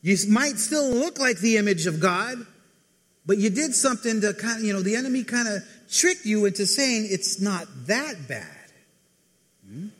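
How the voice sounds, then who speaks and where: A man preaching a casual sermon, talking conversationally to the congregation and acting out people's lines in quick asides. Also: high-pitched, sing-song. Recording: reverberant hall.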